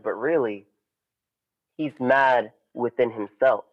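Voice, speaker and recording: Male podcast co-host, animated casual storyteller, muffled lo-fi recording. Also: medium pitch, slow pace, long pauses. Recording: dull lo-fi audio.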